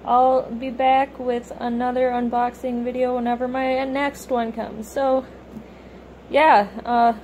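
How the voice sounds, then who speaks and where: A young woman filming a casual unboxing vlog at home, gushing and a bit self-conscious, her voice slightly rough from a cold. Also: fairly high pitch, level tone, takes it slowly, a little mellow, slight background noise, rough recording. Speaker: vlogger unboxing plush toys. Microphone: camera or phone camera.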